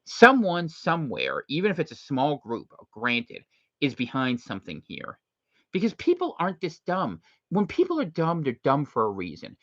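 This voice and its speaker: A man hosting unscripted commentary, jokey and animated, with quick impressions thrown in. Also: on the high side, no echo. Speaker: host. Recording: dry, slightly muffled lo-fi recording.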